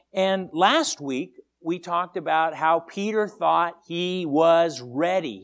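A male pastor preaches an emphatic, animated sermon in a voice on the high side. He often repeats words as he begins a sentence.

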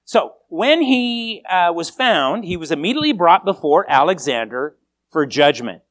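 During a sermon, a preacher tells a story with a voice that swings widely up and down to keep his audience hooked. He often restarts lines with a repeated word, staying animated and conversational at a moderate pace and medium pitch.

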